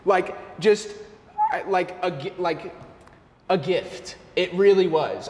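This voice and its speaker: A young man telling an animated story in a casual interview, laughing often and saying "like" and "bro" a lot. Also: fairly high pitch, slow pace. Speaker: guest, café owner and barista. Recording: echoey room with long reverb.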